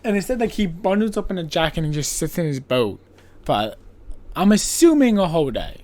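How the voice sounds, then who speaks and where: This is a podcast host recapping a movie in a casual, rambling way. The talk is peppered with "like" and mild profanity, and the pitch sits in the middle. Characters' lines get acted out in quick quoted bits. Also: very animated, a little mellow. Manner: chatty, profane, lots of filler "like".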